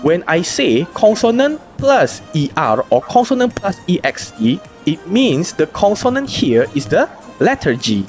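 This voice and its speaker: A woman teacher, explaining grammar in an online lesson, spelling out letters slowly and asking rhetorical questions. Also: on the low side, sing-song, darkish tone, faint music behind. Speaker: English teacher.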